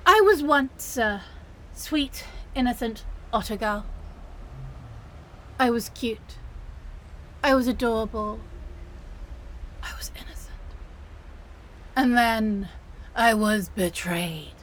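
A woman's voice: fairly high pitch, slow, long pauses, fairly bright tone, slight background noise, rough recording. A woman voicing a touchy young female otter-girl supervillain who protests indignantly and trips over her words in an audio role-play. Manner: indignant, flustered, protests too much and stumbles over words.

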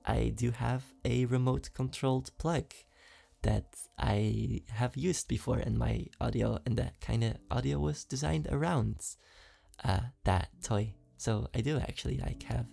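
A man's voice: medium pitch, fairly even intonation, unhurried, gravelly, warm tone, slightly rough, faint music behind. A man with a slight foreign accent, an ASMR creator answering fan questions in casual, chatty talk with lots of fillers and giggles.

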